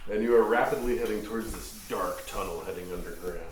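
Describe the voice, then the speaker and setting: A man narrating as game master, explaining rules in a halting, self-correcting way. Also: on the low side. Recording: echoey room, noisy, far from mic.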